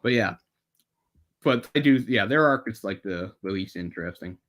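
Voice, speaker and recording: A man's voice: on the low side, expressive, moderate pace, a bit bright. A man co-hosting a podcast, chatting casually and wryly about a film, rambling and swearing now and then. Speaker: podcast co-host.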